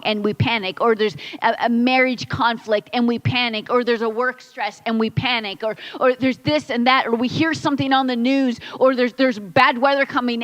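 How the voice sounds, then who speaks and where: A woman's voice: on the high side, highs cut off. A woman pastor preaching a conversational sermon in a church, building points through repetition and quoted asides. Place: church sanctuary.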